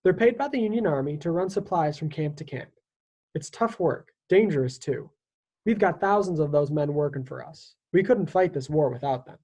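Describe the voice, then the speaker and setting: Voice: medium pitch, animated, moderate pace, dark tone, breathy edge. A reader voicing a caring Union soldier who speaks earnestly and steadily to a boy in his care. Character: caring Union soldier, protective of two children.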